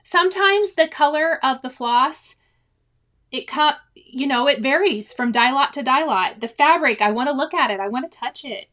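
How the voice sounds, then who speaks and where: Chatty high-voiced woman crafting host. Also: animated, moderate pace, fairly bright tone. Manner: chatty, laughs often, exclamatory. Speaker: cross-stitch livestream host. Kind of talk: casual chat reading live comments.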